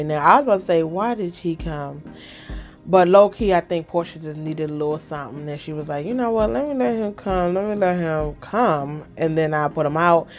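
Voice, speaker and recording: A woman hosting a podcast, chatting casually and acting out quotes while recapping a reality show. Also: low-pitched. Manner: chatty, animated, acts out quotes. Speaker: podcast host.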